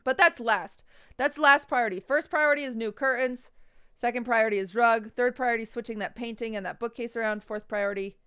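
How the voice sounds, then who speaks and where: Fairly high and steady, the woman's voice is brisk, sharp, clear, and resonant. She streams casually, judging viewers' bedrooms and giving blunt, teasing, nitpicky design advice.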